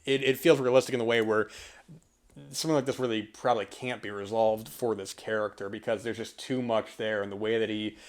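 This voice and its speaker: A young man from the US East Coast rambles through a casual film review, pausing on fillers and starting sentences over. His voice sits a little low. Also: fairly even intonation. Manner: rambling, many fillers and restarts. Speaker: podcast host.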